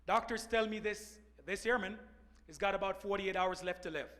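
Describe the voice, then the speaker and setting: A man, an Air Force first sergeant, telling an earnest personal story to an audience on a panel, sometimes dropping to a hushed voice. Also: high voice, moderate pace. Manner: earnest storyteller, drops to a hushed voice at emotional points. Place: large auditorium.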